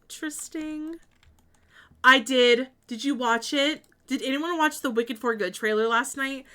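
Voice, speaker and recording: A woman's voice: sits high, measured pace, sharp tone, smooth. A woman streamer chatting casually while building in a game, thinking aloud and answering her chat.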